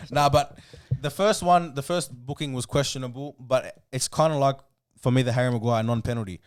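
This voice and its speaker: A laid-back man, co-hosting a football chat. He talks in slangy, easygoing banter and laughs often. His voice sits at an ordinary pitch, recorded dry and close. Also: moderate pace, clear, resonant tone, no room sound. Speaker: podcast co-host.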